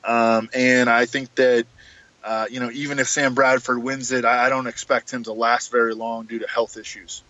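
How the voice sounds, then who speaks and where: A man giving fantasy football analysis on a podcast, measured and full of filler words. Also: mid-range voice, flat delivery, sharp tone, no room sound, muffled recording.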